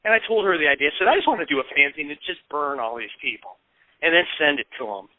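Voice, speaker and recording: A man in his fifties from the American Midwest spins lively anecdotes as a talk show guest, slipping into the voices of the people he quotes. His voice sits a bit high for a man. It comes through thin and phone-like, with a dry, close sound and no room. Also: fast talker, dry recording. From Peoria, Illinois, US. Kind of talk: casual storytelling interview.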